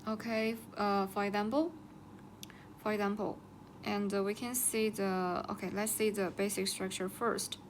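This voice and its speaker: A woman teaching Chinese vocabulary and grammar in English, saying each word twice with slow, careful explanations. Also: mid-range voice, little pitch movement, slight background noise.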